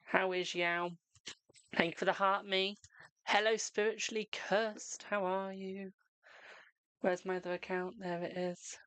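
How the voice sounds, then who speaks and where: A man's voice: high-pitched, bright, forceful tone, clean tone, no room sound. A man hosting a live tarot reading stream, chatting casually with viewers and calling them darling and boo.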